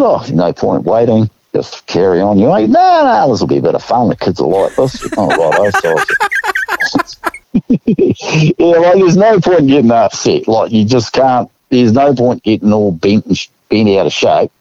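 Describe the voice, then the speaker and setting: A laid-back Australian man tells a story at an easy pace and acts out the people in it with a chuckle here and there. His voice sits low and mellow. The recording is dry and a bit muffled. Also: dry recording. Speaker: guest. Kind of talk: casual storytelling.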